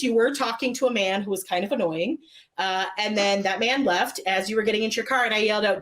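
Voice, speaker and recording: A woman's voice: mid-range voice, a little fast. Chatty woman recounting stories. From Toronto, Canada. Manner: chatty storyteller who acts out quoted exchanges with lots of "like". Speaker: podcast co-host. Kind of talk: casual chat recapping an event.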